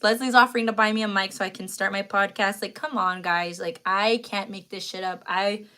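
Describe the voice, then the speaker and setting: A young woman hosts a live stream, chatting casually in a bright, forward, mid-range voice. Her words come out loose, full of fillers and slang, and she sounds emotional, nearly in tears.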